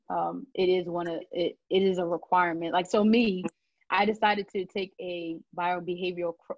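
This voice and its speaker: A woman's voice: lowish voice, flat delivery, normal speed, dry recording, dull audio. A young woman, a student conducting an oral history interview, chatty and casual with lots of fillers. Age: young adult. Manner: chatty, full of fillers and restarts.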